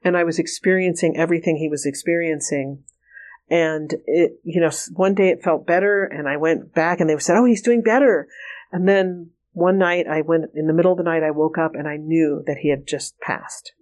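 A woman with a low, darkish voice speaks at a moderate pace with fairly even intonation. She's an interview guest and remote viewing trainer, earnestly sharing personal stories in a candid, conversational way, often restarting her sentences.

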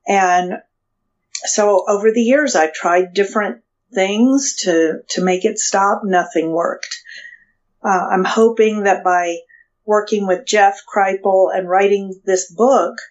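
A woman being interviewed as a guest, telling a personal story in a halting way with frequent restarts. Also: medium pitch, steady tone. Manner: hesitant, halting with restarts and fillers. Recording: dull lo-fi sound.

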